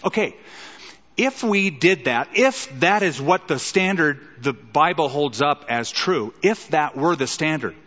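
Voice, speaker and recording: A man's voice: a little high, pushed and bright, big-room sound, lo-fi sound. A middle-aged man preaching a sermon as a pastor, emphatic, with rhetorical questions and dramatic quoted lines.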